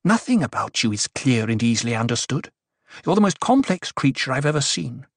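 A man voicing a quick-tempered, imperious young noblewoman in an audiobook, speaking in a sharp, commanding and scornful way. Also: mid-range voice, very animated, no room sound, clean studio sound, voice pushed up. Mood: demanding. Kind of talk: audiobook character voice.

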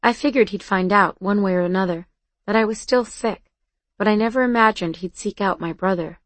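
A woman narrates a first-person novel in a soft, understated way. Her voice sits at a middle pitch, and the recording is dry and close with no room around it. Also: fairly quick, no echo. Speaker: audiobook narrator.

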